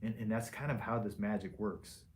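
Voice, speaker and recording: Plain-spoken male surgeon, low voice, casual question-and-answer tone. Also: normal speed, slight background noise. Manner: frank, plain-spoken, loose with restarts. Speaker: liposuction surgeon. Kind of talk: casual patient Q&A.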